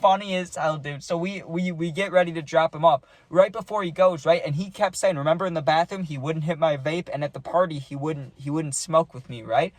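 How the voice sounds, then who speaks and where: A man's voice: a little high, a little fast, hardly any pauses, no echo. A young man casually telling a rambling party story, full of slang and saying "dude" a lot.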